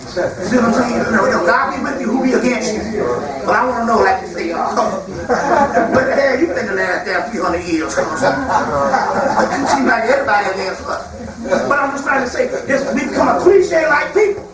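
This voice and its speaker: A man's voice: very high-pitched, expressive, normal speed, over a noisy crowd. A man giving a spiritual lecture to a live audience, telling stories in a loose, colloquial way and acting out the people he quotes. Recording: echoey hall from far off, faint noise.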